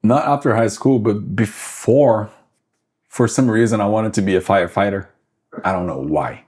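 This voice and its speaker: Guest musician: very deep-voiced brazilian man, forties, accented english, halting, fillers. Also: a little mellow, breathy edge. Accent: Brazilian Portuguese. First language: Portuguese. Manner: halting, many fillers and restarts. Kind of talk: casual interview chat.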